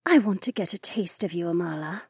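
A man voicing a sly lizard-woman mage in an audiobook, with a soft, purring, teasing delivery. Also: high voice, expressive, a little fast, husky, dry recording, studio quality, voice pushed up, heavily acted.

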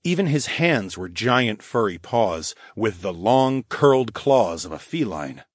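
A man narrating a first-person fantasy audiobook in a gruff, profane, animated way. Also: fairly low pitch, a little slow, dry recording, studio quality.

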